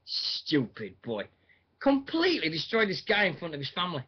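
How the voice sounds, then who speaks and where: A man's voice: high-pitched, very animated, fast, husky, muffled recording. A man in his forties, hosting a radio show and chatting in a rambling way, full of fillers and restarts. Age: 40s. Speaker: radio host. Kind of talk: casual rambling radio chat.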